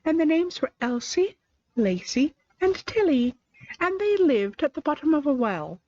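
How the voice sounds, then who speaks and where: A drowsy little male dormouse, as a woman puts him on, hoarse and feeble, lifted high above her reading voice. He drags his words out, slow and touchy. The storybook sound is dry and a little muffled. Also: very animated, a little mellow, no echo.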